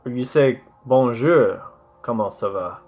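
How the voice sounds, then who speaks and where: Slow, chatty learner repeating French aloud. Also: medium pitch, soft background music. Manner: repeats French phrases aloud and thinks out loud; chatty and self-questioning. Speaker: language learner vlogger. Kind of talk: casual chat while doing app lessons.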